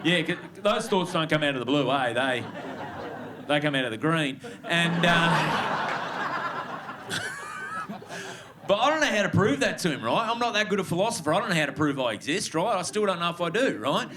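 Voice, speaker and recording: Australian man, stand-up comic, casual and crude, slightly high pitch, on a club stage mic. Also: huge pitch swings, normal speed, pauses often, heavy background noise. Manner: laid-back, swearing, chatty with the crowd. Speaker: stand-up comedian. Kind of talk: stand-up comedy set. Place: comedy club stage with audience.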